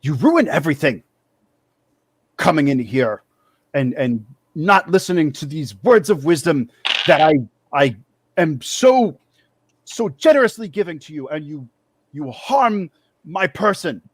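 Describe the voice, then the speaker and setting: A man's voice: on the high side, very animated, measured pace, long pauses, husky, heavily acted. A man voicing a pompous, cowardly male monkey demon priest who talks in a whiny, indignant, self-important way.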